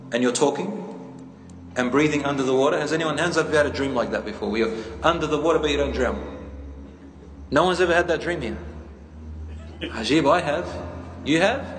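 Male preacher, engaging storyteller, fairly high voice, echoey hall recording. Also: a bit bright, a little hiss or hum. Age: adult, a teacher. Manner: engaging, questions the audience, tells stories. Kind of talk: sermon. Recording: echoey hall, faint ambience.

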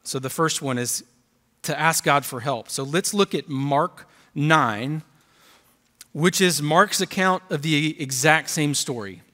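A man's voice: fairly high pitch, slow pace, sharp tone. A man preaching a sermon as pastor, reading scripture aloud and building emphasis on key lines. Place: church auditorium. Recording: church hall reverb.

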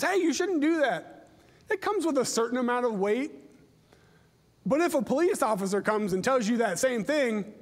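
A middle-aged man preaching a conversational sermon, telling stories in a chatty way and often restarting his words. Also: sits high. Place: church sanctuary. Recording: long church hall reverb.

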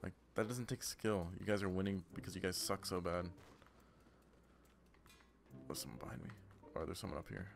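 A man's voice: low voice, steady tone, fast talker, gravelly, few pauses, soft background music. A young man giving profane, ranting gameplay commentary as a gaming channel host. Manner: profane, ranting, trash-talking.

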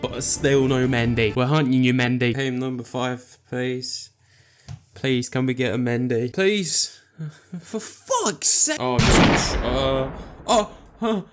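A young man commentating his own football video game matches, swearing often and swinging from flat mutters to excited yelps and pleading. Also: medium pitch, slow. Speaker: gaming YouTuber. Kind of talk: reactive gameplay commentary. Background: music.

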